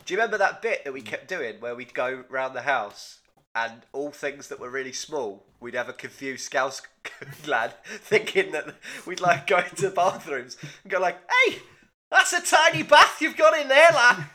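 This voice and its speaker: A man's voice: mid-range voice, moderate pace, bright, forceful tone. A young man co-hosting a comedy podcast, chatty and giggly in casual banter. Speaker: podcast co-host.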